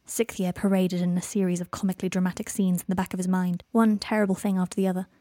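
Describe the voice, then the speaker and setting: A woman narrating a fan fiction story in an expressive reading voice. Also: on the low side, quick pace, no room sound, studio quality. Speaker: reader.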